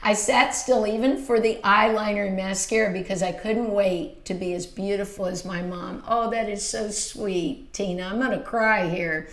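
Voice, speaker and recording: In a reverberant small home filming room, a woman in her fifties runs a casual beauty livestream and reads out viewer comments. She speaks at normal speed with few pauses and fairly even intonation in a mid-range voice, warm, gushing and chatty with lots of exclamations.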